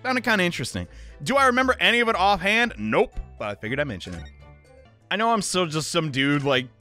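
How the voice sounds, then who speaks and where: A young man hosting a casual video game playthrough, talking in an excitable, joking way. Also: high-pitched, quick pace, soft background music. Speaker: let's play host. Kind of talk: casual gameplay commentary.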